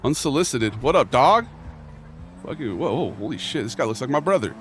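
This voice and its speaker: A young man talks loosely to his live chat, piling on slang and circling back on himself. His voice sits in an ordinary middle pitch. Faint car and street noise runs under him outdoors. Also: big pitch swings, fairly quick. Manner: rambling, slangy, reads chat aloud. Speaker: streamer. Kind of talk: casual live-stream chat.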